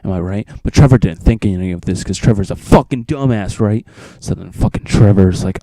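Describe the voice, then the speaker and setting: A man's voice: sits low, moderate pace, creaky, hardly any pauses, mellow, no echo. A teenage man telling a rambling, profane story in a casual vlog, acting out his friends' lines.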